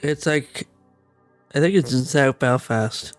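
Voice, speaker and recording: A man, co-hosting a podcast in casual chat, blunt and wry with quick interjections. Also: medium pitch, no room sound, soft background music. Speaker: podcast co-host.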